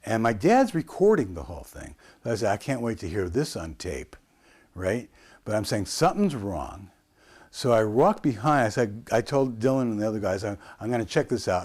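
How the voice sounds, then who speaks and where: A man's voice: fairly low pitch, very animated, moderate pace, a little mellow. A man in his sixties from the United States, telling a rambling story as an interview guest, with frequent hesitations and restarts.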